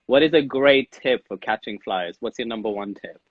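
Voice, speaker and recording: A man hosting a casual interview, asking teasing questions in a playful, excitable way. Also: medium pitch, moderate pace, breathy edge, dry recording, lo-fi sound. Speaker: podcast host.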